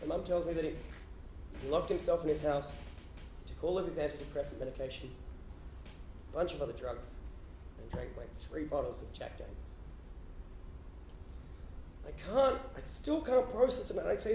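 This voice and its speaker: High-voiced Australian man telling a story on stage. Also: animated, normal speed, vocal fry, pauses often, echoey room, a little hiss or hum. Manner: stammering restarts, swings between hushed and shouting. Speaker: storyteller comedian. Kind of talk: stand-up storytelling. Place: theatre stage with live audience.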